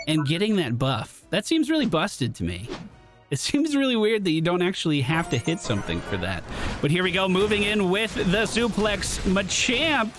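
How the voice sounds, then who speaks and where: A tired man giving explanatory play-by-play commentary over a video game match. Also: on the high side. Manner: explanatory, animated, strategic play-by-play. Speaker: gaming commentator. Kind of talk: gameplay commentary. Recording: clear background music.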